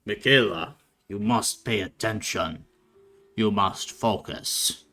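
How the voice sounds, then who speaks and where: A man voicing a gruff, stern noble father who demands discipline from his daughter. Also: lowish voice, slow, sharp tone, full character voice. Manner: commanding, demanding.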